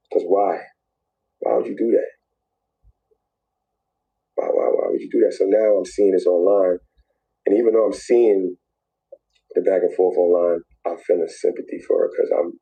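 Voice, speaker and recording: A man's voice: low-pitched, warm tone, slightly rough, poor audio. A man telling an emotional personal story in a played clip, repeating phrases and dropping to near whispers.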